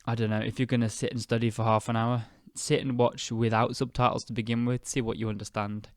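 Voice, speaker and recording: A young British man hosting an English-learning podcast, speaking slowly and clearly in a chatty, relaxed way with fillers. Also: mid-range voice, dry recording, studio quality. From United Kingdom. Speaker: podcast host and English teacher. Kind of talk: casual spoken lesson.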